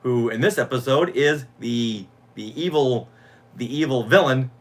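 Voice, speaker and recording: A man's voice: medium pitch, a little slow. A middle-aged man co-hosting a podcast, telling nostalgic stories with enthusiasm. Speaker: podcast co-host. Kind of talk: casual fan podcast chat.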